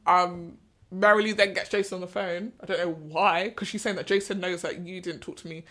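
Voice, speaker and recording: A woman co-hosting a podcast, chatting and gossiping casually about a reality show, with quick mimicking asides. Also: fairly low pitch, steady tone, a bit bright. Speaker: podcast co-host. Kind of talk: casual chat.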